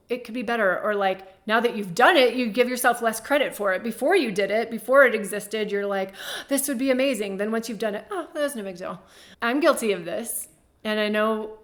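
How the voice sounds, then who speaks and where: A woman's voice: on the high side, a bit bright. A woman host talking casually to camera, telling stories with lots of fillers and frequent laughs. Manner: chatty storytelling, laughs often, uses many fillers. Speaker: host and business coach.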